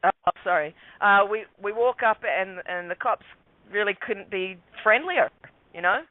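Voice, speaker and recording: A man's voice: sits high, moderate pace, no room sound. A man telling a rambling story as a radio guest, with many fillers and restarts. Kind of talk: casual storytelling. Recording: dry tinny phone line.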